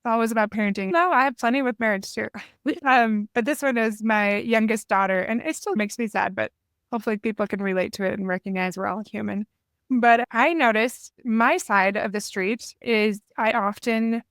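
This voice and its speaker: A woman's voice: mid-range voice, clear, resonant tone, dry recording, clean studio sound. Candid woman telling a family story. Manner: candid, reflective, self-deprecating. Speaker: podcast guest. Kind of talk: conversational storytelling.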